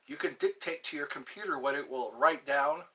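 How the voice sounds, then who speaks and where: A slightly high, sharp voice, animated and a little fast, belongs to a middle-aged livestream host. Using a phone on a tripod, he rambles casually to young viewers and breaks into bits of songs.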